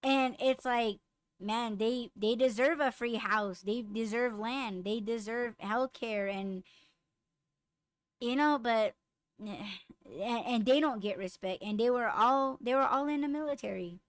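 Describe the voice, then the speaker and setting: A woman hosting a podcast, chatting casually and bluntly with lots of swearing, getting raised and animated when riled. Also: fairly high pitch, takes it slowly, no echo. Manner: blunt, profane storytelling. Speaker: podcast host. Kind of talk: casual chat with live comments.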